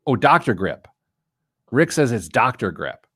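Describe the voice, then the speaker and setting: A man's voice: mid-range voice, very animated, measured pace, a bit bright, husky, no echo, studio quality. A middle-aged man hosting a podcast in a casual, playful chat, laughing often. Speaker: podcast host.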